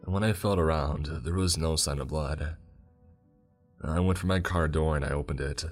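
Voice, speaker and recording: A man narrating a first-person horror story in a calm, steady manner. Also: rumbling low. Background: faint music.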